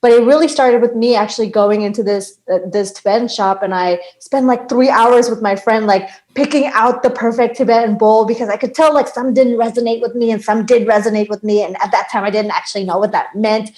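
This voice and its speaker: A woman's voice: on the high side, steady tone, fairly quick, few pauses, darkish tone, rough recording. A woman in her thirties from Bangladesh, a podcast guest who chats casually, often laughing and saying "like". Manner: chatty, laughs often, lots of "like". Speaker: podcast guest, sound healer. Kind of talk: casual conversation.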